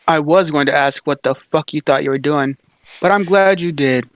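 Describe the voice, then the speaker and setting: A man's voice: on the high side, moderate pace, no echo, natural voice. A man voicing a blunt, profane male sharpshooter in a tabletop game. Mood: relieved.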